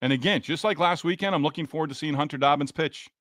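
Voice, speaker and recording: A man's voice: on the high side, quick pace, fairly bright tone, dry recording, studio quality. A man hosting a casual post-game sports podcast, chatting and greeting listeners by name as he reads their comments. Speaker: podcast host. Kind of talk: casual post-game sports talk reading live chat.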